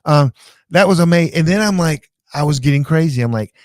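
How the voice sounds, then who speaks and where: A middle-aged man hosting a live show, chatting casually and telling rambling, animated stories full of restarts. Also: fairly high pitch, fairly quick, no echo, studio quality. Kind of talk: casual live-stream chat.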